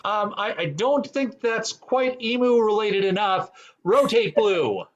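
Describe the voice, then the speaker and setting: A man's voice: sits high, lively intonation, a little slow, dull audio, background noise. A man hosting an online improv game show over a video call, teasing and hesitant with many ums.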